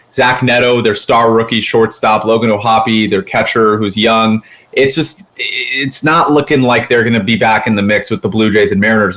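A man co-hosting a casual sports podcast, talking in loose, rambling runs packed with fillers and restarts. His voice sits at an ordinary middle pitch for a man, and he keeps the talk chatty and unscripted. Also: a bit bright. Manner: rambling, quick, many fillers like "like". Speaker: podcast co-host.

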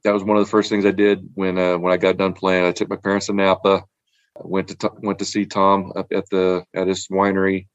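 A man's voice: low voice, completely flat delivery, brisk, dry recording, muffled recording. A man in casual chat, rambling about wine with repeated words and frequent laughs. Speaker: podcast guest, wine collector.

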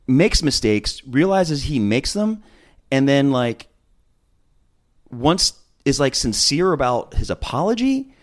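A man talking casually, recapping a reality dating show with chatty, opinionated asides and frequent ums. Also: a little high. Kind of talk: casual chat.

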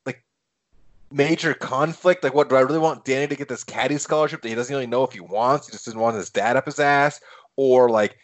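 A man co-hosting a casual movie chat, halting and restarting as he thinks aloud about the film. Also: mid-range voice. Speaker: podcast co-host.

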